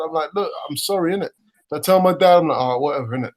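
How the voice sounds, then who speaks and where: A man's voice: a little high, quick pace, rough recording. A man telling a childhood story in casual slang, with many fillers. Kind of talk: casual chat.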